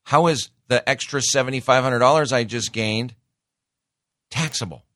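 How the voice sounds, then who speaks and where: A man's voice: mid-range voice, normal speed, sharp tone, no echo. A middle-aged man hosting a political talk show, delivering a sarcastic, ranting opinion monologue with mocking asides.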